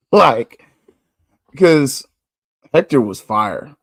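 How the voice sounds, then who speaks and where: A man hosting a podcast, talking candidly in a casual monologue, chatty and quick to laugh. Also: mid-range voice, big pitch swings, no echo, studio quality. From United States. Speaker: podcast host.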